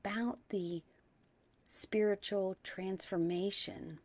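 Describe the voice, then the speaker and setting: A middle-aged woman hosting a spiritual talk, gentle and dreamy, slowing on key words and sometimes dropping to a hush. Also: medium pitch, fairly even intonation. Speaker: spiritual teacher and host. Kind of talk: soft-spoken spiritual talk.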